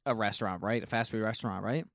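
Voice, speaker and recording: A man's voice: fairly low pitch, fast, creaky, a bit bright, dry recording. Rambling male podcast host, dry sound. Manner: rambling, self-interrupting, jokey. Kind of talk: casual podcast chat.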